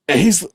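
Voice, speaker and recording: A man casually telling a story, animated, swearing freely and acting out the other people's voices. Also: dry recording, studio quality.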